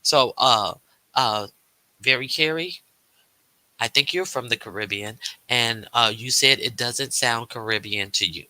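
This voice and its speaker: Bright, hesitant man rambling on a livestream. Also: medium pitch, a little slow, no echo, low-quality recording. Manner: rambling, hesitant, many fillers and restarts; reads and answers viewer chat aloud. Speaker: livestream host. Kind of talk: casual livestream chat.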